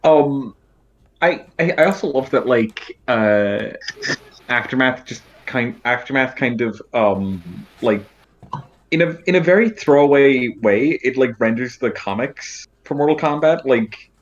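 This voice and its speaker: A hesitant speaker in casual group chat, trailing through fillers and restarts. The voice sits at a middling pitch, and the line sounds dull and lo-fi. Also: animated, unhurried. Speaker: stream participant. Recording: lo-fi muffled audio.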